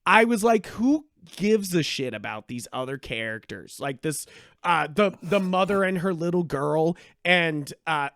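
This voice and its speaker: A man co-hosting a podcast in casual chat, animated and profane, rambling with lots of restarts. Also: a little high, moderate pace, no room sound, clean studio sound. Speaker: podcast co-host.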